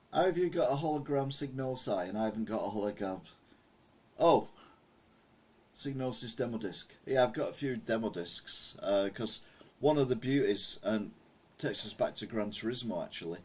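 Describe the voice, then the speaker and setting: Middle-aged male streamer, lowish husky voice, loose rambling anecdotes, reads chat aloud. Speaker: retro gaming streamer. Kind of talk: casual live-stream chat.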